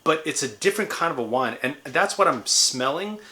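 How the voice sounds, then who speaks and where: A man in his thirties talks through a casual beer review in a bright, forceful voice. He keeps it loose and chatty, tossing in playful jokes as he goes. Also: a little high, lively intonation, a little fast. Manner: playful, jokey, chatty asides. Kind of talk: casual food and drink review vlog.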